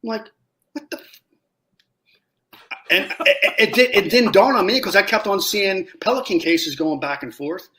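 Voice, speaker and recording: A man telling war stories in a casual interview, animated, acting out what people said and swearing freely. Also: high-pitched, brisk, few pauses. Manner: animated storyteller, acts out quotes loudly, swears. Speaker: guest, former Marine scout sniper.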